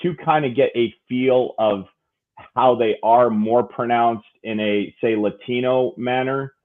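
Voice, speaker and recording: A man's voice: medium pitch, fairly even intonation, a little slow, phone-quality sound. A man who is an aspiring amateur play-by-play announcer asks a guest a long question, rambling and searching for his words. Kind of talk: asking a question on a talk show.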